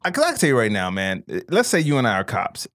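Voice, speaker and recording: Emphatic slangy man, lively pitch. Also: quick pace. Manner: emphatic, calls people bro and man, swears freely. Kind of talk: casual chat.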